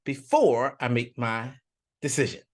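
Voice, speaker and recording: A man voicing an excitable, emotional male politician in a raised, emphatic voice while telling a parable. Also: medium pitch, a little slow, voice pushed down, natural voice.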